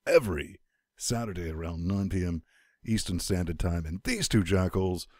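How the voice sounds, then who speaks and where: A man's voice: low voice, normal speed, a little mellow, no echo, clean studio sound. A man hosting a gaming podcast, joking brashly and crudely in casual banter. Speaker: podcast host.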